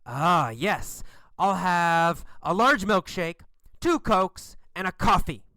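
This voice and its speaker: A man puts on a hungry little bug from a storybook, impatient and whiny. The voice swoops up and down and drags slowly, in a dry, close sound. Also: high-pitched, big pitch swings, bright, forceful tone, no room sound, exaggerated voice. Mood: ordering eagerly.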